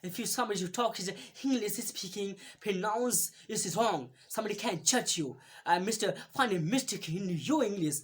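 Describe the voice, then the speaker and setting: Woman halting through a lesson. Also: mid-range voice, husky. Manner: halting, repeats words many times, many fillers. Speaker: English pronunciation teacher. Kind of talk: casual video lesson.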